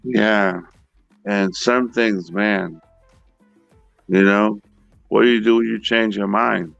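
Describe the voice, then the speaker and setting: Slow, gravelly-voiced man in easy chat. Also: fairly low pitch, fairly even intonation, a bit bright, dull audio, soft background music. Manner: slow, laid-back, short agreeing replies. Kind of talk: casual conversation.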